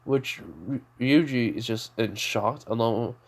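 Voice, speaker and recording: A man's voice: medium pitch, takes it slowly. Guy rambling through a made-up fan story, lots of "you know" and "basically", restarts a ton. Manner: rambling, full of fillers and restarts. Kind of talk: casual improvised storytelling.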